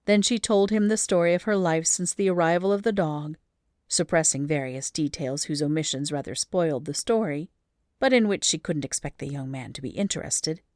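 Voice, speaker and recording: A woman reading an old humorous story aloud as an audiobook, lively and expressive in storytelling. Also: deep voice, moderate pace, no echo, clean studio sound. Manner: lively storytelling with rising emphasis in action scenes. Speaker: audiobook reader.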